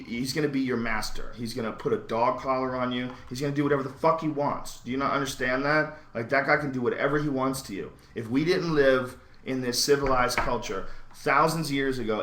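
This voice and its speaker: A man hosting a podcast, talking in an intense, profane, emphatic way that swings between loud outbursts and low asides. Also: echoey room. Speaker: podcast host. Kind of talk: profane animated podcast rant.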